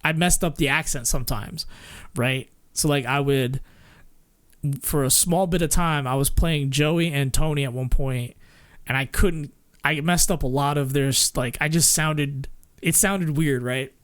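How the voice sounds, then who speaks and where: Male streamer, casual rambling chat, swears a lot, somewhat high voice, dry close sound. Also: unhurried, a bit bright, no room sound. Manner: rambling, swearing, often laughing.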